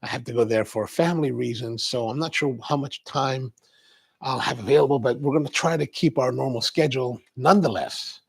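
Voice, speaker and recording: Raspy chatty male coffee livestreamer. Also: medium pitch, fairly quick. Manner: rambling, chatty, answers viewer comments. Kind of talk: casual livestream chat.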